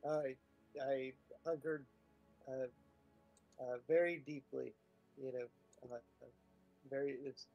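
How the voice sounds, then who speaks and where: A man voicing his character in a tabletop game, describing his actions in a slow, halting way with many hesitations. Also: mid-range voice, fairly even intonation, highs cut off, soft background music. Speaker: player. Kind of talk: in-character tabletop role-play.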